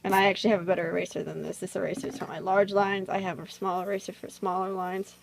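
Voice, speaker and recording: A woman's voice: lowish voice, little pitch movement, fast talker, gravelly, background noise. A woman chatting casually while she draws, rambling with lots of fillers, recorded on a phone camera. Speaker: vlogger drawing on camera. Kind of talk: casual drawing tutorial chat.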